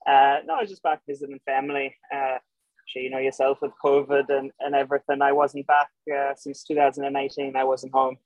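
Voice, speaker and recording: A young Australian man with an Irish-tinged accent, a showjumping guest chatting casually, halting with many fillers and restarts. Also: medium pitch, completely flat delivery, dry recording. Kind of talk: casual interview chat. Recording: dull lo-fi podcast sound.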